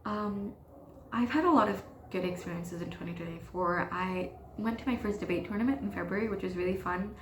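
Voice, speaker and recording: A woman's voice: mid-range voice, fairly quick, a little hiss or hum. Ranting teenage girl in an echoey room. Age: teens. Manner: frank, swears freely, ranting and self-deprecating. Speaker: podcast host. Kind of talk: casual confessional rant.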